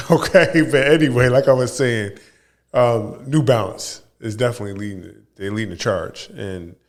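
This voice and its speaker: Easygoing male podcast co-host. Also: mid-range voice. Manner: easygoing, quick to laugh. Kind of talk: casual chat.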